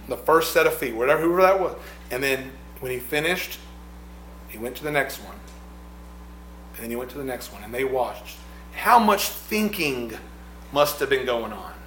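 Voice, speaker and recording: A male preacher delivers a slow, searching sermon, often repeating himself as he works toward a point. His voice sits a touch high for a man. The room around him is echoey. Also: fairly bright tone, slight background noise. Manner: reflective, repeats phrases, swells in emphasis.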